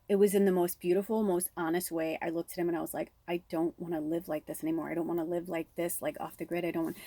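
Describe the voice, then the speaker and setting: A woman in her thirties, a spiritual reader, telling a personal story with shaky, tearful excitement and lots of "like.". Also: fairly low pitch, no echo. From Pacific Northwest.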